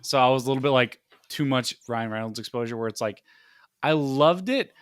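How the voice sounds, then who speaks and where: A young man co-hosting a podcast, telling stories in a rambling, animated way with lots of fillers. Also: mid-range voice, brisk, no echo, clean studio sound. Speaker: podcast co-host. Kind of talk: casual chat.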